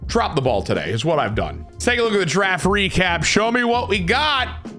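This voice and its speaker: A man commenting on his own video game play, excitable and dramatic, swinging from shouts to groans. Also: high-pitched, normal speed, soft background music. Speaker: gaming YouTuber.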